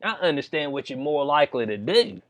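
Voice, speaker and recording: A man talks in a casual, joking vlog style. His voice sits a bit high for a man. He reads lines from a news story, then breaks off to riff and laugh about it. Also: very animated, a little fast, creaky, a bit bright. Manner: reads news aloud, then jokes and riffs with frequent laughs. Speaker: commentary vlogger.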